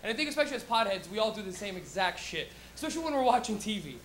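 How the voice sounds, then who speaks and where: Bright-voiced, foul-mouthed young male comedian. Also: sits high, very animated, racing, a little hiss or hum. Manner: profane, rowdy, acts out scenes in funny voices. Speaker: stand-up comedian. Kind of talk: live stand-up comedy. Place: comedy club stage.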